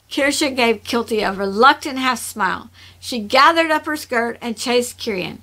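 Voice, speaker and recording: A woman reads her own story with a steady, expressive narration. Her voice is high and very bright. She carries the scenes along evenly. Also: normal speed, few pauses. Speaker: author and storyteller. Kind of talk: reading her own fiction aloud.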